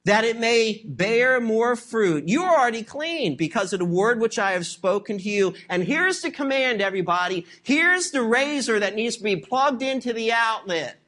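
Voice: medium pitch, animated, normal speed, hardly any pauses, a bit bright. Emphatic preacher asking rhetorical questions. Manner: emphatic, repeats key phrases, asks rhetorical questions. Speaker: pastor. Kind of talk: sermon.

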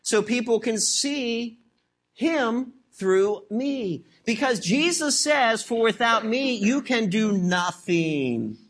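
A preacher delivering a sermon with steady emphasis. Key phrases get repeated for weight, and rhetorical questions are pressed at the listeners. The pitch sits in an ordinary middle range. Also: takes it slowly. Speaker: pastor.

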